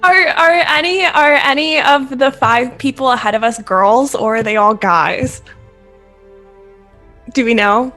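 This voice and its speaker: Female player at a tabletop game, speaks slowly. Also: high-pitched, sharp tone, faint music behind. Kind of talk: casual chat during a tabletop game.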